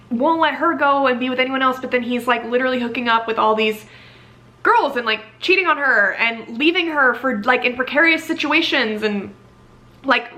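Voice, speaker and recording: A woman's voice: fairly high pitch, pushed and bright. A young woman reviewing a book in casual, gushing chat, filling her talk with "like". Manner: gushing, filler-heavy with frequent "like".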